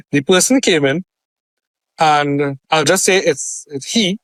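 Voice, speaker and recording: A man's voice: on the high side, takes it slowly, no echo. A man, co-hosting a casual podcast and telling a story with acted-out voices and frequent laughter. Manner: animated storyteller, acts out voices, laughs often. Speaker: podcast co-host.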